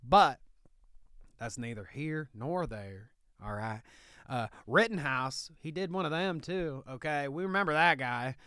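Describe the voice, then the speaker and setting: A swaggering small-town lawyer holds forth in a put-on Southern drawl, as a man plays him for comedy, ending nearly every line with a drawled "okay?". The voice sits somewhat high, smooth and clean. It is recorded close and dry, with no room sound. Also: animated, unhurried, pushed and bright, dry recording. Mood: folksy. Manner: tags sentences with a drawled "okay?". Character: folksy boastful redneck male lawyer. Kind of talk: comic character monologue.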